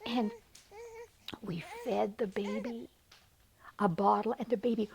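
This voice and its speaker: An older woman telling a childhood story in a gentle, sing-song way, lingering tenderly on her words. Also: medium pitch, fairly even intonation, measured pace, vocal fry, pauses often, rough recording. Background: music.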